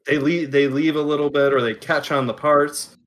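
A man's voice: fairly high pitch, flat delivery, moderate pace. A man in casual chat, talking through his hobby steps while he works. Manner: chatty, explains hobby steps while working.

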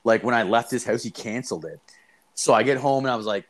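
A man's voice: mid-range voice, fast. A young man telling a story in casual chat, rambling and swearing with lots of fillers.

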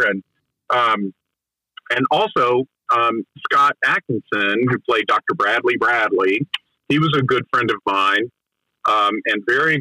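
Film director guy chatting in an interview, crisp bright voice, keeps tripping over his own sentences. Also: lowish voice, dry recording, rough recording. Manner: enthusiastic storyteller with frequent restarts. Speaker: film director recounting a production. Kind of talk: conversational interview anecdote.

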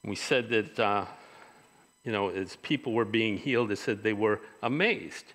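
Male pastor, mid-range voice, bright and forceful, conversational sermon delivery with rhetorical questions, reverberant hall. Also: lowish voice, unhurried.

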